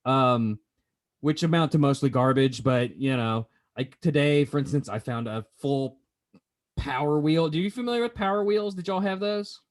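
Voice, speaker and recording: A man hosting a podcast in casual chat, telling stories in a playful, animated way. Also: on the high side, normal speed. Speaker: podcast host.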